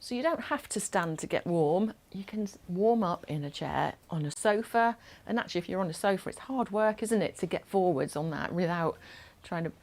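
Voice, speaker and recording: A woman with a slightly low voice guides a chair exercise class. She gives clear, encouraging step-by-step instructions, heard through a video call. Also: lively intonation, normal speed, hardly any pauses, a little mellow.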